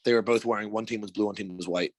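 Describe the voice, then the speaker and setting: A man's voice: fairly low pitch, rapid-fire, dry recording. A man co-hosting a podcast, chatting casually and jokingly about hockey. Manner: animated, jokey, slangy. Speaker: podcast co-host.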